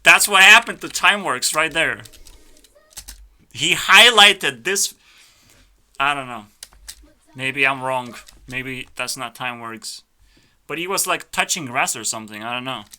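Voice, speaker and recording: A man's voice: mid-range voice, animated, a little slow, long pauses, pushed and bright, clear, resonant tone. A man giving live reaction commentary as a YouTuber, ranting brashly and swearing in a mock-arrogant way. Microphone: headphones on, desk mic.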